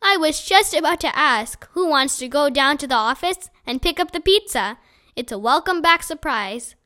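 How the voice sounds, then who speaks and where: A woman's voice: high-pitched, moderate pace. A woman doing a patient, teacherly man. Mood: teasing. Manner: calm, coaxing, teacherly questions. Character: patient, friendly male third-grade teacher.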